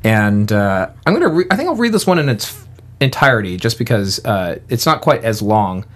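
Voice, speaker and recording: A man's voice: on the low side, sing-song, normal speed. A man co-hosting a casual podcast, joking with his co-host and reading listener emails aloud. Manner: playful, teasing, reads listener emails aloud. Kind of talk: casual chat.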